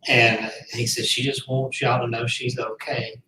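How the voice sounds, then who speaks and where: A man's voice: mid-range voice, level tone, a little slow, noisy background. Man, earnest rambling storyteller, roomy room, mic at a distance. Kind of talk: casual storytelling.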